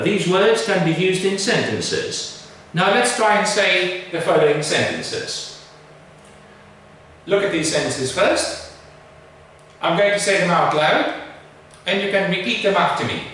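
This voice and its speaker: Slow, echoey, high-voiced male teacher. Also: animated, a bit bright. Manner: drawn-out modelling of sounds, repetitive drills. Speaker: pronunciation teacher. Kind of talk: slow deliberate pronunciation lesson. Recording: very echoey room, voice far from mic.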